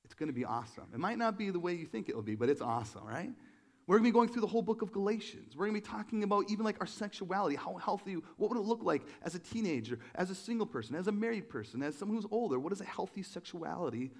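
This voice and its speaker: A male pastor giving a conversational sermon to his congregation, animated and full of joking asides. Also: high-pitched, fast. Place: church room with a congregation.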